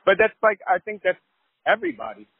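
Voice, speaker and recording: A man hosting an interview, talking in a rambling, halting way with many fillers while walking along a street. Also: sits high. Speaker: podcast host. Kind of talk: casual interview chat. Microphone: phone. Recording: phone-line audio.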